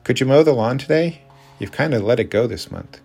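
Frustrated insistent wife, as a man puts her on, gravelly edge, pleading. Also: medium pitch, lively intonation, a little fast, darkish tone, voice pushed up. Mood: exasperated. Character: frustrated American wife, adult woman.

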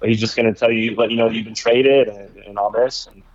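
A man, a former baseball pitcher, casually telling a rambling story in conversation, laughing now and then. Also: steady tone, a little fast, lo-fi sound. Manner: laid-back, rambling, laughs while telling stories.

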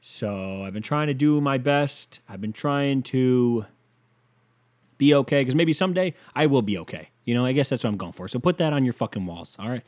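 A man's voice: mid-range voice, expressive, moderate pace, darkish tone. Young male solo podcaster, casual and profane, rambling with sarcastic rants into a desk mic. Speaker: podcast host. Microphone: desk microphone with pop filter.

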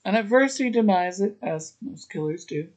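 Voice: medium pitch, animated, normal speed, darkish tone. A podcast host casually recapping a TV episode, adding chatty, opinionated asides. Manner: retells scenes, briefly voicing the characters' lines.

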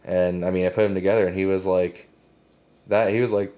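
Young male cook, relaxed casual talker, lower pitch. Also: fairly quick. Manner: laid-back, lots of "like" fillers. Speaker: line cook. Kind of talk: casual chat.

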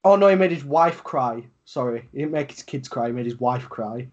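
A man's voice: mid-range voice, lively intonation, a little fast, muffled recording. A man with a Yorkshire accent co-hosting a casual football podcast, rambling with lots of fillers and free swearing. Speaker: podcast co-host.

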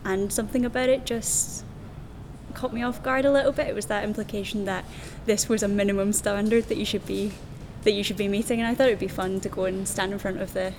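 A Scottish woman in her twenties, answering interview questions in a relaxed, matter-of-fact way. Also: fast. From Scotland. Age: 20s. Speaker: interview guest. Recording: noisy background rumble.

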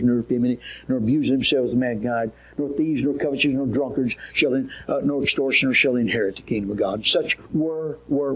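A man's voice: medium pitch, fairly bright tone, husky, poor audio. A man preaching a sermon in a folksy, emphatic way, often asking the listeners questions.

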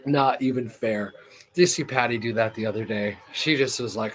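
A man hosting a podcast in casual chat, laughing often, swearing freely and getting excitable. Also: medium pitch, normal speed. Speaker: podcast host.

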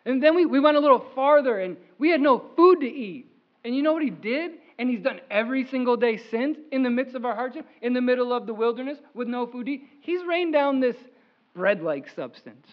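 An older Moses recounts the wilderness years in a high, earnest voice, put on by a pastor mid-sermon. The sound is slightly muffled. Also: male voice. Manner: earnest first-person retelling. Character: Moses, older man telling of hard journeys.

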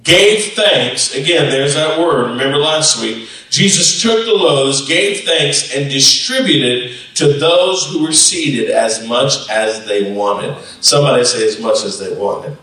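A male pastor preaching a lively sermon and acting out the voices of the disciples, recorded in a church sanctuary. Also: medium pitch, a little slow, few pauses, distant mic. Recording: echoey church hall, off-mic.

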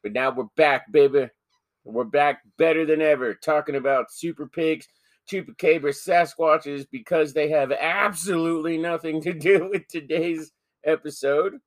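A man's voice: a little high, moderate pace. A man hosting a horror podcast from home, joking around, swearing casually and laughing often. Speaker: podcast host.

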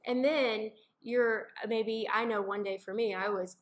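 Her voice is fairly high and steady, and she speaks a little slowly. As a mother and co-host of a family faith podcast, she reflects earnestly in a casual faith chat, vividly acting out quotes and small scenes.

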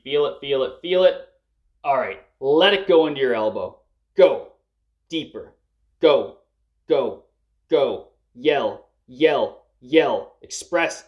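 A man's voice: medium pitch, highs cut off. A man guiding listeners through a breathwork and emotional release session, coaching them urgently and swearing at the peaks. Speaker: breathwork facilitator.

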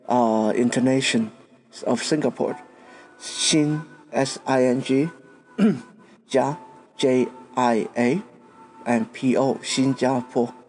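A man's voice: mid-range voice, darkish tone. A man from Taiwan, a podcast host giving a patient language lesson and spelling out words letter by letter.

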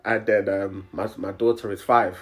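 A man's voice: lowish voice, fairly even intonation, moderate pace. A young man in his twenties hosting a podcast in casual chat, talkative and joking, often repeating words. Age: 20s. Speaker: podcast host.

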